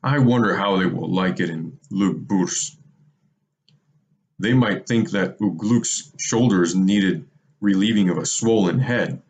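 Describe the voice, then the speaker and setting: A man reading aloud voices a sly orc messenger who speaks softly and sneers. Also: low-pitched, slow. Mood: sneering. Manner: sneering, soft-spoken.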